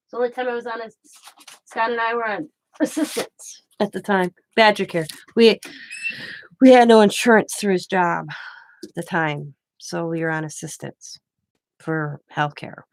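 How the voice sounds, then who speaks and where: A woman's voice: medium pitch, measured pace, long pauses. An older woman hosting a craft channel, telling rambling personal anecdotes in casual chat and laughing often.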